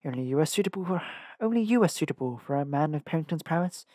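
A man's voice: on the high side, lively intonation, fast, warm tone, dry recording. Chatty queen played by a male reader, gossipy and fond, dry close sound.

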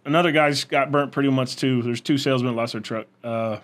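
A man's voice: mid-range voice, steady tone, a little fast. A man from Florida, a roofing salesman guest, telling blunt, brash stories in casual slangy chat.

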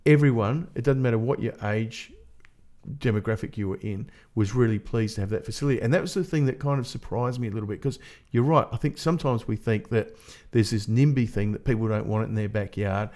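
An Australian man, a politician appearing as a podcast guest, telling relaxed, plain-spoken anecdotes in casual conversation. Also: fairly low pitch, fairly quick.

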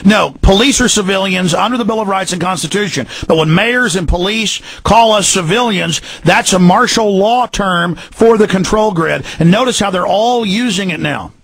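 A man hosting a call-in radio talk show, ranting in a rapid delivery. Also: high voice, gravelly, a bit bright, no room sound.

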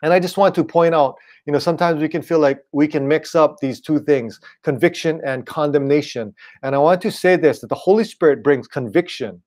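A man's voice: on the high side, brisk, few pauses, a little mellow. Laid-back pastor guy, chatty sermon, keeps saying right and you know. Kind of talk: conversational online sermon.

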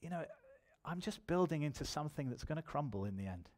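A man's voice: on the high side, lively intonation, fast, a little mellow. A man preaching a sermon in church, telling his own testimony and building to emphatic appeals.

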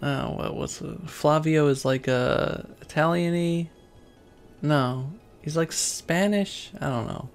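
A man's voice: fairly high pitch, slow, gravelly, clean tone, faint music behind. A man casually commenting on a video game, rambling and self-mocking with lots of hesitation. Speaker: let's play host.

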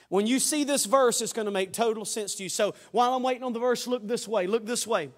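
A man preaching a sermon in a church sanctuary. He is fervent and folksy, jokes with the room, and swings from shouted peaks to quiet asides. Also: very high voice, fast, hardly any pauses. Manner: folksy, joking. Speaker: pastor. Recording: long hall reverb.

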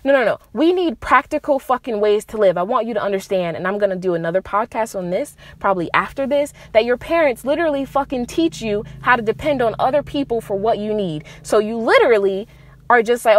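A woman's voice: a little high, animated, fast, dry recording. A young adult woman hosting a podcast, giving relationship advice in a casual monologue, blunt and profane, with emphatic rises on her key points. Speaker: podcast host.

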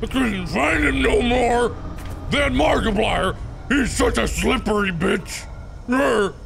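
A man's voice: extremely high pitch, takes it slowly, vocal fry, a bit bright, faint music behind, voice pushed up, full character voice. A man putting on the voice of a grumpy male monster who whines about losing his prey, with mock roars. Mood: sulky mocking. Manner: whiny mock-angry grumbling with roars.

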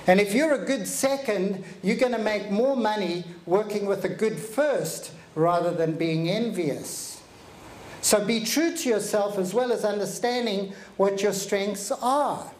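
A middle-aged man speaks high and slow, driving a live workshop with energetic call-and-response. His voice rings around an echoey room with faint ambience behind him. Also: a little hiss or hum. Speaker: motivational speaker.

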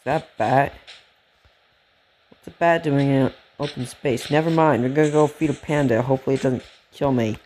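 A man giving casual, rambling commentary while playing a game, gasping and getting excited at cute animals. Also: mid-range voice, moderate pace, a little hiss or hum. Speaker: let's play gamer.

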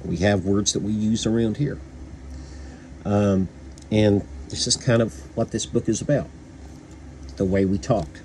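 Kentucky guy with a lowish voice chatting about a book, lots of ums, faint hum behind. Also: fairly even intonation, unhurried, long pauses, dark tone. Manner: rambling, many fillers and restarts. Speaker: book reviewer. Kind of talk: casual book review.

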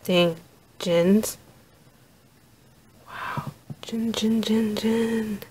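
A woman vlogger narrating an unboxing, gushing with awed exclamations and soft asides. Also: medium pitch, fairly even intonation, very slow, husky.

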